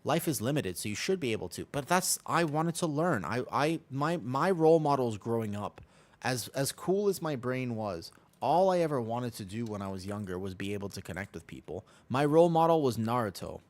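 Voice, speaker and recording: A man's voice: medium pitch, sing-song, normal speed. A young man streaming a game, telling stories in a rambling, repetitive way while he plays. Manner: rambling, self-interrupting storyteller, repeats himself. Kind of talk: casual gaming stream chat.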